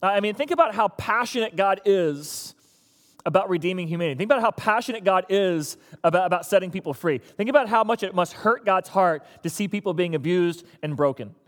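High-voiced guy preaching, kinda teasing and exasperated, lots of hall echo. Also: lively intonation, brisk. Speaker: pastor. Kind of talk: sermon.

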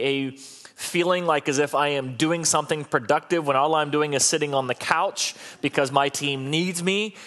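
A man's voice: a little high, a bit bright. A middle-aged man preaching a sermon as a pastor, talking in a conversational, humorous and repetitive way.

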